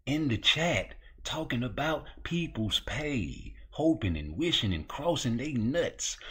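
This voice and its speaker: A man hosting a solo boxing talk show, talking slowly in a laid-back way with street slang. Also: mid-range voice, breathy edge. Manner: slow, laid-back street slang, drifting into singing and preaching. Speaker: boxing podcast host.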